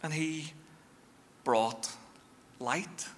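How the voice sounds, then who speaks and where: Animated preacher man in a reverberant hall. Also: on the high side. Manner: animated storytelling, shifting fast and slow. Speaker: pastor. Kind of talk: sermon.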